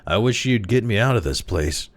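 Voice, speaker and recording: A man's voice: animated, normal speed, natural voice. A man reading aloud voices a querulous old man, newborn in body but seventy in age, with a cracked, ancient, whining voice. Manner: complaining, shrill when protesting.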